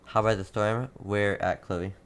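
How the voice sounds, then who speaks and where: A young man hosting live storm coverage, reading out town after town and answering chat, halting and repeating himself. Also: on the low side, fairly even intonation, clean tone. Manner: rapid town-by-town updates, halting and repetitive. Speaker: livestream weather host.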